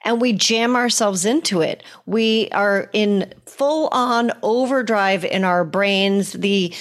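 A woman hosting a podcast conversation, enthusiastic and quick to praise, with exclamations. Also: mid-range voice.

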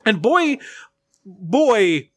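Sarcastic, animated male recap host. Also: high-pitched, very slow, no room sound, clean studio sound. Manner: animated, sarcastic, swears freely. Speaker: podcast host. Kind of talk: casual episode recap.

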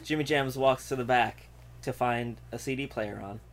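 A man's voice: medium pitch, fairly even intonation, normal speed. A man narrating an improvised comedy scene, often breaking into laughter.

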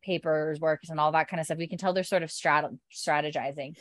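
A woman's voice: low-pitched, steady tone, a little fast, dry recording. Chatty woman on a dry mic. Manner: rambling, quotes characters in passing, swears casually. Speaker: podcast host recapping a TV episode. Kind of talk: casual chat.

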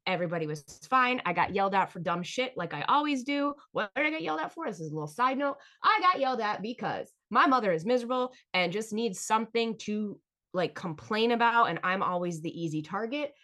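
A woman's voice: medium pitch, animated, fairly quick, sharp tone. A woman hosting her own podcast, telling personal stories in a candid, blunt and profane way and speaking straight to her listeners. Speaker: podcast host. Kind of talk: candid solo storytelling.

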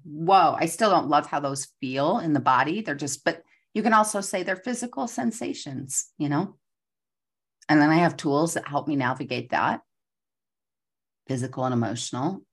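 Woman in her 40s, low voice, gives a motivational talk and acts out her inner voices. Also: moderate pace. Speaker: host.

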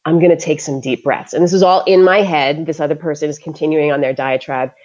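Low-voiced woman telling a story. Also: fast talker, muffled recording. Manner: animated, laughs often, storytelling. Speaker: school librarian and mindfulness teacher. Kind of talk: casual podcast conversation.

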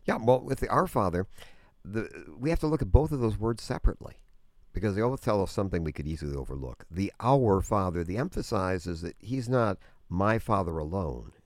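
A man's voice: on the low side, animated, brisk, darkish tone, dry recording, studio quality. A man teaching earnestly in conversation, explaining at length with frequent restarts. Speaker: guest teacher on prayer.

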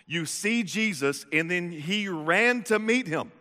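A man preaching a sermon, animated and jokey. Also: sits high, slow. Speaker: pastor. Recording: echoey hall reverb.

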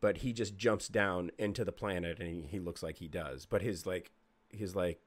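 A young man co-hosts a podcast in a low voice at normal speed, recorded dry. He chats casually and rambles, using lots of fillers.

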